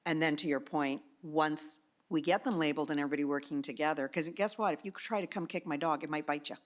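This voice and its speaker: A woman with a notably low voice speaks at a civic meeting. She is direct and explanatory as she walks a resident through the appeal process. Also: quick pace. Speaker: commission or council member. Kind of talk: meeting discussion.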